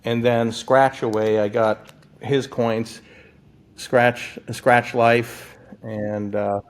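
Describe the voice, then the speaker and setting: A man from Florida, a physician, telling his lottery story as an interview guest in an excitable, stammering way, often laughing. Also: medium pitch, drawn-out words.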